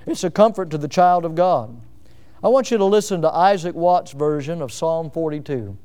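A middle-aged man, preaching an evening sermon in an earnest manner, slowing down to recite hymn verses. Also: a little high, warm tone, smooth. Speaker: pastor.

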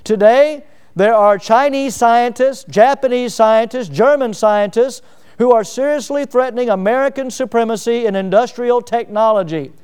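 Male preacher, high and clear-toned, reads aloud and stops to comment, stressing key words. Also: normal speed, a little mellow. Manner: reads a passage then breaks off with asides and checks. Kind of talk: sermon reading and commenting on a book.

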